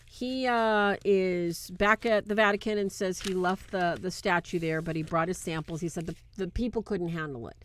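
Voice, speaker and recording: A woman hosting a religious film review, talking casually to her viewers and swinging between loud and hushed. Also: on the low side, normal speed, few pauses, slight background noise. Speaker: host reviewing a film on demonology. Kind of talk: casual faith-based commentary.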